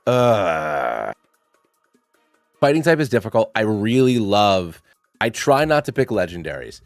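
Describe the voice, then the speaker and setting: A young channel host rambles playfully through his picks in casual gaming commentary, using lots of fillers. His mid-range voice is recorded dry.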